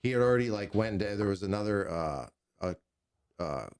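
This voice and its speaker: Low-voiced, profane military storyteller man. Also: expressive, normal speed, clear, resonant tone. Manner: veteran recounting combat. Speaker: podcast host, gun shop owner. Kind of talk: casual war story chat.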